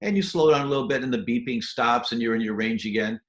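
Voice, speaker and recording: A man's voice: medium pitch, quick pace, fairly bright tone, roomy sound. A man speaking as a guest doctor, enthusiastic and explaining health habits step by step, now and then acting out little scenes. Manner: enthusiastic, acts out little scenes in quoted voices. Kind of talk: animated health advice interview.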